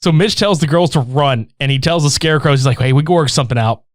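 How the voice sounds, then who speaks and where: A man's voice: fairly high pitch, fast, no room sound, studio quality. A man recapping a horror movie in casual, profane chat, acting out the characters' lines. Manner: animated, swearing, acts out characters' lines.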